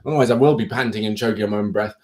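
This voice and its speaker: A man's voice: on the low side, very fast, darkish tone. A man from the UK hosting a live stream from his desk at home, chatting casually and rambling with self-mocking asides into his phone. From United Kingdom.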